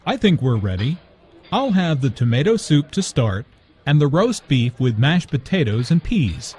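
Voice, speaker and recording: A man playing a diner ordering a meal in a slow, clearly enunciated scripted language-learning dialogue. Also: fairly high pitch, very animated, darkish tone.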